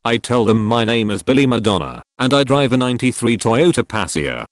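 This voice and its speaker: A man giving a scripted narration of online posts, read in a brisk, matter-of-fact way. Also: mid-range voice, expressive, dry recording, studio quality. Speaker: story narrator.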